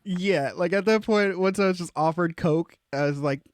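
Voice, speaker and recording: A young man co-hosting a podcast, telling casual stories with lots of swearing and sudden high, exclaimed quotes. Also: normal speed, no room sound, studio quality. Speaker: podcast co-host. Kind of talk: casual storytelling.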